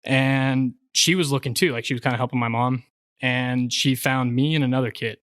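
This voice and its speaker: A man's voice: mid-range voice, steady tone, normal speed, a bit bright, no echo. A young man spins a long personal story in loose, slangy podcast talk, leaning on fillers as he goes. His voice sits mid-range and the mic is close and dry, with almost no room sound. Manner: laid-back, slangy, lots of fillers. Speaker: podcast co-host. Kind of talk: casual storytelling.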